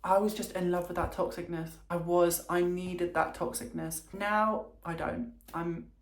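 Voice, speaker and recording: A young woman telling a dramatic storytime, animated and swearing in fast bursts. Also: fairly low pitch. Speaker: vlogger. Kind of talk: storytime monologue. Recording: roomy echo with music behind.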